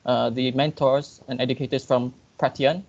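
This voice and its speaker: A man's voice: medium pitch, steady tone, normal speed, vocal fry, a little mellow. A young man from Malaysia gives a sincere testimonial about a training program and thanks its sponsors. He speaks earnestly, with fillers and a small slip. The call audio is dull and lo-fi. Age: young adult. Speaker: program participant. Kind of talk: testimonial speech.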